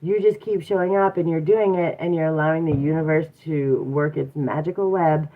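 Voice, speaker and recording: A woman's voice: low voice, fairly even intonation, moderate pace. A woman hosting a motivational livestream, talking reflectively and encouragingly with rhetorical questions and frequent "um"s. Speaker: livestream host and mindset coach. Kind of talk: casual motivational livestream talk. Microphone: device mic from a live stream. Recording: tinny phone-like live stream audio.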